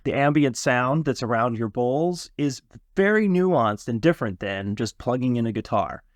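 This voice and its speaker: A man, an audio expert guest, explaining a course in a measured, matter-of-fact way. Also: mid-range voice, lively intonation, no echo.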